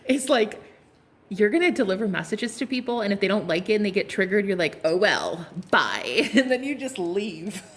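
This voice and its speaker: A woman's voice: medium pitch, a little fast. A woman giving a casual tarot reading to her viewers, sassy and playful, laughing often, swearing and calling them honey. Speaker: tarot card reader.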